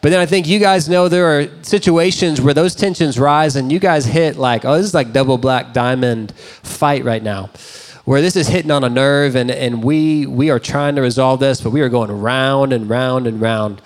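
A man's voice: mid-range voice, normal speed, few pauses. A man in his thirties, a pastor, preaching a sermon in a conversational, self-deprecating storytelling way. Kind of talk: sermon with personal stories.

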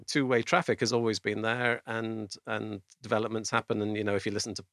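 A man's voice: lowish voice, flat delivery, fairly quick, fairly bright tone, no echo, studio quality. A British man hosting a casual chat, talking with frequent restarts and laughs. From Britain. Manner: chatty, repeats words while thinking, laughs often. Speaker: podcast host.

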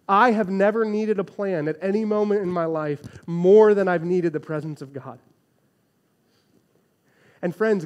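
A man in his thirties preaching a sermon in a lively, conversational way, often checking in with "right?". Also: sits high, muffled recording. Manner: animated, conversational preaching with frequent "right?" asides. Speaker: pastor.

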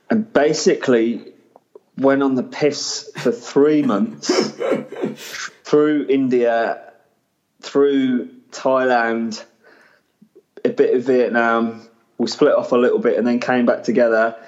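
A man, chatting as a guest in a relaxed, rambling way. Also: medium pitch. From England. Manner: relaxed, rambling, self-deprecating. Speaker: podcast guest. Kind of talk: casual storytelling chat. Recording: dull lo-fi sound.

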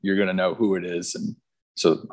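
A man's voice: low-pitched, normal speed. A young man in his twenties, a pro soccer player, telling his story in a casual interview with lots of fillers. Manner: relaxed storytelling with fillers and repeats.

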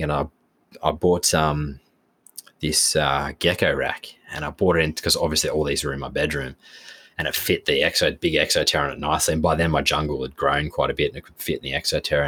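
An Australian man co-hosting a podcast, telling a long story in casual chat with lots of acted-out dialogue. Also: a bass voice. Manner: rambling, animated retelling with quoted dialogue. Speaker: podcast co-host.

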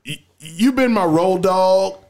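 A man's voice: sits high, takes it slowly. A man in casual group chat, telling profane stories and acting out quotes. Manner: profane, animated storytelling with acted-out quotes.

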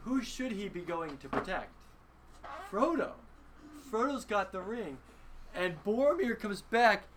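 A man leading a film discussion in a lively, emphatic teaching style, often asking his listeners rhetorical questions. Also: sits high, a little slow, noisy background. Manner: emphatic, conversational.

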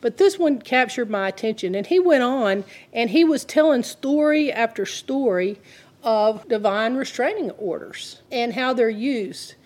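A woman's voice: a little high, lively intonation, measured pace, a little mellow. A woman, telling a story in an earnest, conversational sermon. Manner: earnest, retells the story with quoted dialogue. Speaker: Christian teacher.

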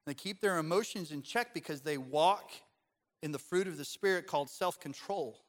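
A male pastor preaching a sermon in a conversational, animated style with humor, then turning quiet and measured to make his point. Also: a little high.

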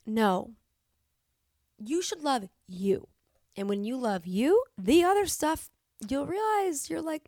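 A woman's voice: high voice, animated, takes it slowly, pauses often, darkish tone, dry recording, studio quality. A woman hosting a solo motivational podcast, talking in a candid, emphatic way, cursing at times and restarting her sentences. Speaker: podcast host.

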